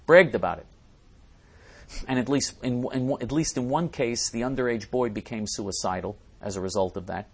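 A man hosting a talk show, delivering an emphatic, scornful monologue with many restarts and sudden swings in loudness. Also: mid-range voice, moderate pace, breathy edge. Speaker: talk show host reading listener messages. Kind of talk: ranting monologue.

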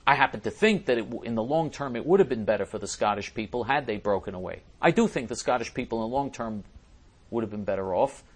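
A man's voice: medium pitch, expressive, fast talker, breathy edge. A man hosting a talk show, reading listener messages aloud and answering them in an emphatic way, often repeating and restarting his phrases. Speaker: host.

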